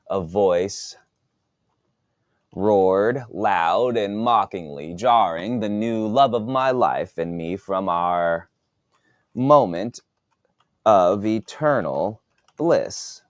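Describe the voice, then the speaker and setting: Casting: low-voiced male author, halting dictation, dry close sound. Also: no room sound. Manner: halting, repeats words while composing. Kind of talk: dictating a novel draft aloud.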